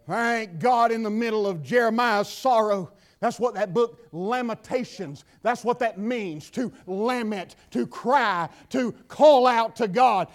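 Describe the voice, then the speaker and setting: A man preaching a sermon in a church, swinging from quiet asides to shouted lines. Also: very high voice, unhurried, few pauses. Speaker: pastor. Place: church sanctuary.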